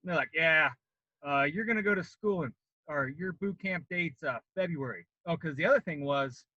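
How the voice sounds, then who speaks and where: A man's voice: on the high side, fairly quick, breathy edge, dry recording, lo-fi sound. A man in his late thirties from Colorado, a former Marine, casually telling a long story on a podcast and acting out the voices of the people in it. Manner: animated, acts out quoted voices.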